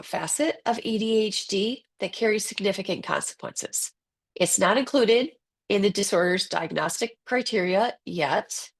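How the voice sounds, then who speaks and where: A woman giving a conversational webinar lecture as a coach, lively and animated, acting out quoted voices. She speaks close to the mic. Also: mid-range voice. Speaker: ADHD coach presenting a webinar.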